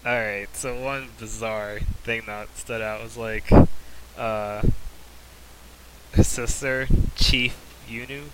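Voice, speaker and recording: A man in a casual podcast chat, talking hesitantly and pausing to find his words. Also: medium pitch, fairly even intonation, fairly bright tone, slight background noise, low-quality recording. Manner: hesitant, halting, lots of ums and uhs. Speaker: podcast co-host.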